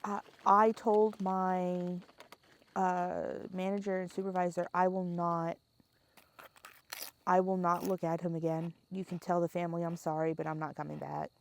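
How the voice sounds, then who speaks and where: A young woman telling a story in casual podcast chat, animated and laughing often, swearing freely and acting out the scenes. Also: fairly low pitch, normal speed, creaky, slight background noise.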